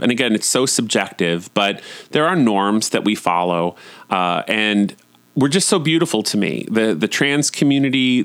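A man telling casual stories from home as a podcast host, chatty and campy, often jumping up into high, excited swoops. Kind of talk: casual storytelling monologue.

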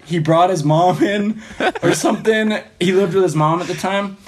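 A man's voice: high-pitched, normal speed, a little hiss or hum. A man telling a story as a podcast guest in casual, rambling speech full of fillers, often laughing.

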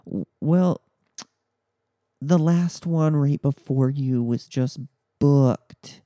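A man voicing a flustered female airline desk agent, halting and falling into a high-pitched customer service voice. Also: mellow, dry recording, studio quality.

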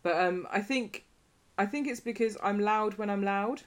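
A woman hosting a casual podcast chat, talking in a chatty, rambling way and getting animated when she retells stories. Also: mid-range voice, normal speed. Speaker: podcast host.

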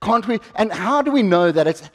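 High-voiced preacher in a hall. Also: male voice, animated, fairly quick. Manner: conversational, asks the congregation questions, acts out quotes. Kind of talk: sermon. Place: church hall. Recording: reverberant church hall.

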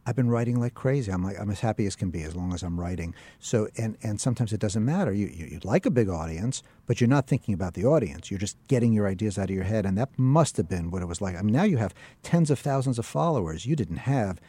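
A man's voice: on the low side, expressive, quick pace, hardly any pauses, mellow, slightly rough, no echo. A man hosting an interview, asking long rambling questions with many restarts. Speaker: interview host. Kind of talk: interview conversation.

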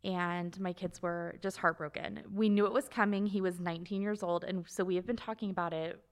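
A woman in her thirties, a mother of two, tells a heartfelt personal story on a talk show in a quick, earnest way with halting restarts. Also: on the low side, steady tone.

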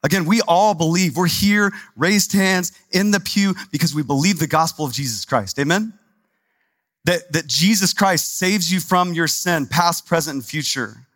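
A man's voice: a little high, normal speed, a bit bright, no echo. A male pastor delivering a sermon in a conversational, emphatic way, repeating phrases for stress.

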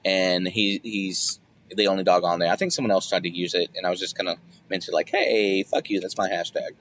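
A young man on a casual podcast, swearing a lot and joking as he tells stories, now and then jumping up high to act out other people. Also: steady tone, fast, slight background noise. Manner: profane, jokey storytelling with loud high-pitched bits when he acts out others. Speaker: podcast co-host.

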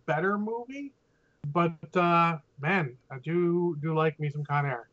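A man's voice: a little high, slow pace, fairly bright tone, no room sound. A man hosting a podcast, chatting casually about a movie he enjoyed, rambling and laughing often. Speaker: podcast host. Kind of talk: casual movie review chat. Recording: dull, dry lo-fi audio.

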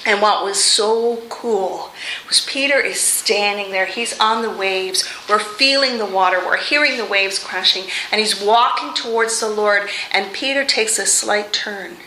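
A woman preacher giving a conversational, expressive sermon with touches of humor in a church. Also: mid-range voice, measured pace, a little hiss or hum. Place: church sanctuary. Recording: echoey room.

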